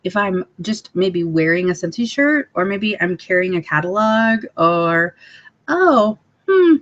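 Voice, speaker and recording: A woman's voice: fairly low pitch, unhurried, a bit bright. A woman giving a casual training talk to fellow sales consultants, bubbly and chatty, with lots of ums. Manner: bubbly and chatty, with filler ums and sudden playful voices. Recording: dull lo-fi recording.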